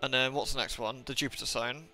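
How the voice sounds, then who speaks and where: A man's voice: mid-range voice, steady tone, fast, sharp tone, soft background music. A young man streaming a game live, rambling to chat with lots of swearing and exasperated asides. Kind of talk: casual live-stream chat while gaming.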